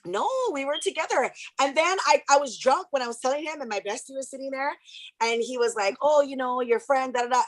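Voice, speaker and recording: A woman co-hosting a radio chat, telling personal stories in an animated, profane way. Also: on the high side, fast, no room sound. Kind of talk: casual storytelling chat.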